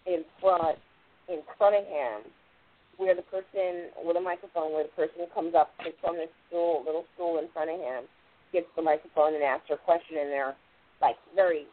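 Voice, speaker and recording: A woman with a lowish voice hosts a spiritual radio program, rambling casually through her explanations and often saying "literally" and "like." Her intonation stays fairly even at a moderate pace, and the sound is thin, like a phone line on radio.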